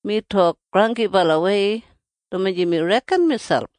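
Scripture is read in a steady, earnest way by someone with an Australian Kriol accent, at a moderate pace and mid-register pitch. Captured close and dry, the audio has no echo or room sound.

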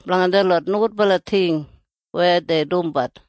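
A reader with an Australian Kriol accent gives a steady, earnest scripture reading. The pitch sits in a middle register, and the recording is close and dry, with no room sound around it. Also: unhurried, no echo.

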